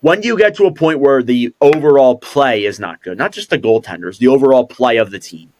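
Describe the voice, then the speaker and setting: A man's voice: mid-range voice, expressive, brisk, a little mellow. Man rambling about hockey. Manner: rambling, hedging. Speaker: podcast co-host. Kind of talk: casual sports chat.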